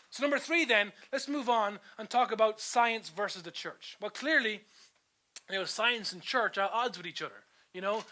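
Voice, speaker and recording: A man from Ireland delivers a sermon with a high, bright voice. He is earnest and talks straight to the congregation, putting rhetorical questions to them. He often stumbles and repeats words as he builds his point. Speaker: pastor. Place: church auditorium.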